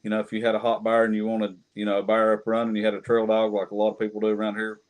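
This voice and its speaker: Male regular on a chat stream, lowish voice, chimes in eagerly. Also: completely flat delivery, very fast. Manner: chatty, chimes in with questions and opinions. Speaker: livestream regular. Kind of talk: casual chat.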